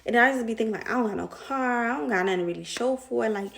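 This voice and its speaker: A woman's voice: fairly high pitch, very fast, gravelly. A young woman telling a casual storytime to her viewers, slangy and chatty, laughing often.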